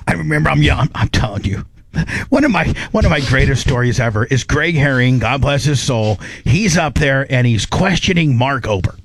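A man in casual conversation, telling a lively story and acting out what others said. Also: mid-range voice, normal speed, vocal fry, no room sound, clean studio sound. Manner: animated, acts out quotes of others. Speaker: guest recounting a trial.

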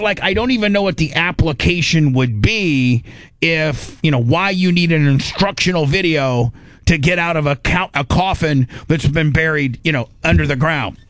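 A man's voice: a little high, fairly bright tone, no echo. A middle-aged man hosting a radio show, telling a story in a rambling, self-mocking way. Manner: rambling, self-mocking, acts out his own panic. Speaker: radio host. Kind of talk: casual on-air storytelling.

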